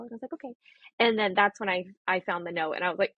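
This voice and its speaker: A woman in her thirties, a guest on a podcast, telling her story in an animated, chatty way with frequent laughs and quoted dialogue. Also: fairly high pitch, normal speed, husky, no room sound, lo-fi sound. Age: 30s. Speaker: guest, egg donor. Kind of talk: casual storytelling in a podcast interview.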